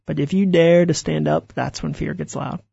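A man, an author being interviewed, telling stories in an animated way and acting out the voices he quotes. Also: on the high side, moderate pace, gravelly, breathy edge, dry recording, dull audio. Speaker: author guest. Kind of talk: interview conversation.

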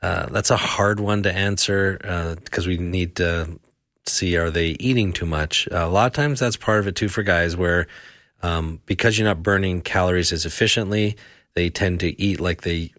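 A man with a notably low voice speaks as a health practitioner on a radio talk show. He explains things step by step, stopping often for fillers and restarts. The sound is dry, with no room echo. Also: moderate pace, a bit bright. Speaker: health practitioner answering listener questions.

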